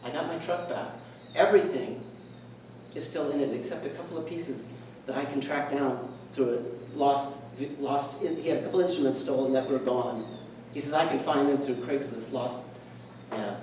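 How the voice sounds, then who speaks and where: A middle-aged man addresses a meeting in a mid-range, darkish voice at normal speed, recounting a personal story earnestly and reflectively while acting out what was said. It was recorded in an echoey meeting hall on a distant mic, with slight background noise.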